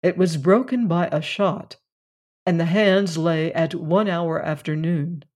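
Audiobook narrator, slow and measured, mid-pitched. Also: darkish tone.

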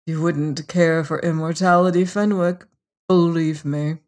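A fussy male devil haggles over a soul, voiced lightly by a storybook narrator. He sounds hesitant and peevish, and his lines are slow and careful. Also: medium pitch, steady tone, a little mellow, close to an everyday voice. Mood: fussy, uneasy. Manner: hesitant, then brisk and peevish. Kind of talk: storybook reading.

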